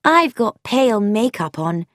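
A woman reading a storybook, voicing a daring, playful young woman in a higher, eager voice. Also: sing-song, unhurried, a bit bright, dry recording, studio quality. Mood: calm.

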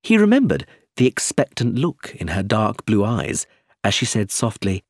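Husky, lively male audiobook narrator. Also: on the low side, moderate pace, no echo, clean studio sound. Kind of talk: scripted narration.

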